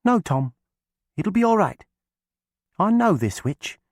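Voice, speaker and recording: Brief: male reader playing a quick-witted young girl in a storybook, pitched up high, loud, persuasive and folksy. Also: sing-song, no room sound, clean studio sound, heavily acted. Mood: reassuring. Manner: eager, persuasive, folksy rustic talk. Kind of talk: audiobook character voice.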